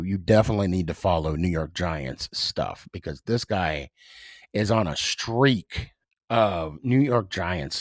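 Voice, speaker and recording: A man hosting a podcast, talking casually in a halting way, full of fillers and restarts. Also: low voice, fairly bright tone, no echo, studio quality. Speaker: podcast host. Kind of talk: casual emotional monologue.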